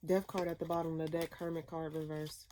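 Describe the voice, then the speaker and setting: Lady reading tarot cards, kinda low voice, cusses a lot and goes off on rants. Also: level tone, fast talker, warm tone, a little hiss or hum. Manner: blunt, profane, ranting. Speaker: tarot reader.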